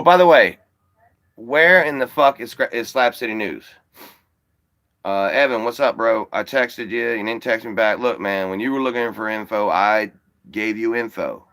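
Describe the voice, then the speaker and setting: With a mid-range, slightly bright voice, a man runs a live call-in stream, speaking directly to his audience in a loose, rambling style full of swearing.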